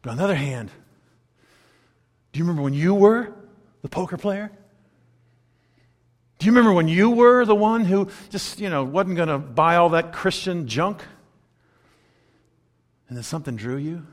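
A pastor preaching a sermon, animated and chuckling between points as he acts out quotes. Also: high voice, normal speed, pauses often. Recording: long hall reverb.

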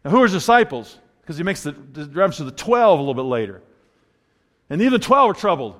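A man preaching a sermon as pastor, conversational and wry, with animated asides. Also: a little high, fast, long reverb tail.

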